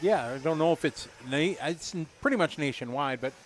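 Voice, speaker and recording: A man's voice: on the high side, animated, brisk, slight background noise. Chatty middle-aged male race commentator. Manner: chatty and rambling, joking with viewers.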